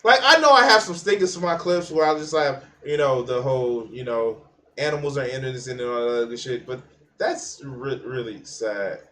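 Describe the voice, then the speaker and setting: A man's voice: mid-range voice, moderate pace, sharp tone. A man hosting a livestream, giving blunt, profane reaction commentary with frequent restarts. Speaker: livestream host reacting to videos.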